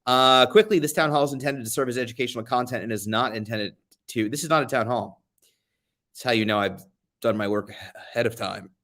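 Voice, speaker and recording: A man's voice: mid-range voice, fairly quick, a bit bright. A young American man hosting a casual live-stream chat from a beach getaway, greeting viewers by name and joking about himself. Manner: chatty, self-deprecating, greets viewers by name. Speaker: livestream host, advocate. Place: beach rental during a getaway.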